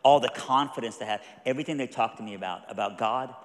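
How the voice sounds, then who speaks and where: A man preaching a storytelling sermon, acting out the people in his story and swinging from hushed to loud. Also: medium pitch, quick pace. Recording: echoey hall with long reverb.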